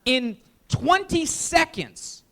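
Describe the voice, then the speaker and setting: A man presenting a live sales training workshop, energetic and emphatic, often quizzing the audience. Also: very high-pitched, very slow.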